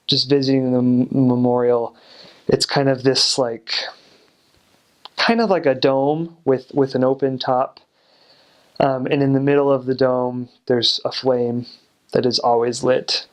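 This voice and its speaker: A young American man who served as a missionary, casually explaining things with many fillers and restarts. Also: medium pitch. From United States. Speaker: returned missionary.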